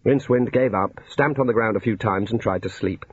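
A man's voice: lowish voice, brisk, breathy edge, no echo. A man narrating a comic fantasy novel in a dry storytelling manner. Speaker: audiobook narrator. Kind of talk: scripted narration. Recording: dull lo-fi recording.

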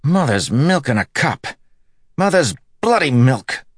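A man's voice: mid-range voice, sing-song, normal speed, no echo, clean studio sound, voice pushed up. A man voicing a sardonic, swearing male street fighter in audiobook dialogue, talking in a wry, exasperated grumble.

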